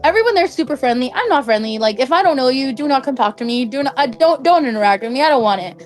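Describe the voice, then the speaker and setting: A woman's voice: high voice, animated, fast. A young woman casually telling a personal story, chatty and full of "like" fillers. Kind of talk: casual spoken anecdote.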